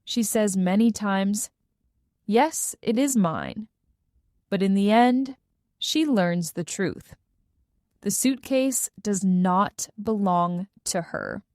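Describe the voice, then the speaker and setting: A woman narrating a simple graded-reader story for English learners, clearly and carefully. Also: mid-range voice, takes it slowly, dry recording, clean studio sound. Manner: clear, carefully paced, expressive. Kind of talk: slow scripted storybook narration.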